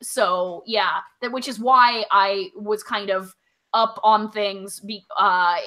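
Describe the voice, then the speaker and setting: A woman's voice: medium pitch, steady tone, takes it slowly, pushed and bright. A woman co-hosting a comedy podcast, rambling casually, swearing freely and laughing between thoughts. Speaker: podcast co-host.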